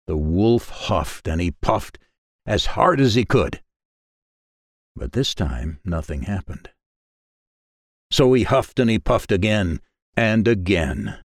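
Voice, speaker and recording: Low-voiced male storybook narrator. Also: dry recording, clean studio sound.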